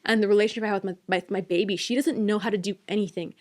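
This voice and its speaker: A woman's voice: medium pitch, fairly even intonation, rapid-fire. A young woman co-hosting a podcast, talking casually and from the heart about motherhood and faith. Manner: heartfelt, reflective. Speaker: podcast co-host. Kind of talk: casual chat.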